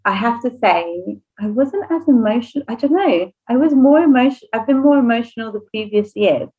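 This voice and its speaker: A woman's voice: on the high side, moderate pace. Spanish-native lady chatting about her kid, emotional, laughs a lot, kinda muffled recording. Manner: emotional, animated, laughs often. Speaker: podcast host and nursery owner. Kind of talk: casual personal storytelling.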